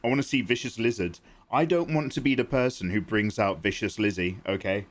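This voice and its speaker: A man's voice: fairly low pitch, brisk. A man livestreaming his digital drawing, rambling and joking as he talks to his chat. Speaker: art livestreamer.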